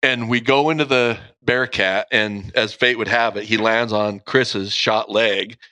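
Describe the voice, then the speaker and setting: A man's voice: on the low side, fairly even intonation, a little slow, pushed and bright, no echo. A middle-aged man, a guest, candidly retelling a personal story in vivid, profane detail. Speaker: guest, police officer.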